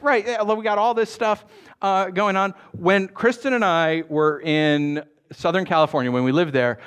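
A man preaching a sermon as pastor, telling jokey stories and asking the congregation questions. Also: mid-range voice. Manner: animated, joking storyteller who asks the congregation questions. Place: church.

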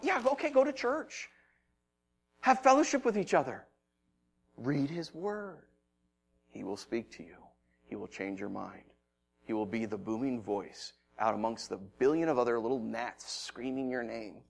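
A man preaching a sermon as pastor, telling stories with lots of energy and acting out shouted voices, then dropping to a soft, low tone for the message and prayer. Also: moderate pace, vocal fry.

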